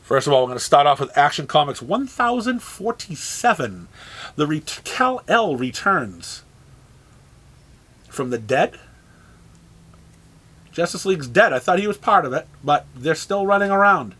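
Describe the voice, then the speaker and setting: High-voiced man giving a casual release rundown. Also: big pitch swings, fairly bright tone. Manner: dry, sarcastic asides between listed titles; halting, with repeated restarts. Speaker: comic shop presenter of weekly new releases.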